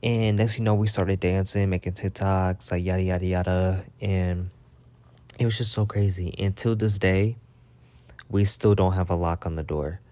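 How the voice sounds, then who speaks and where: A man telling a storytime vlog in a casual, profane, animated rant, repeating himself for emphasis. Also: deep voice, moderate pace. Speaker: vlogger.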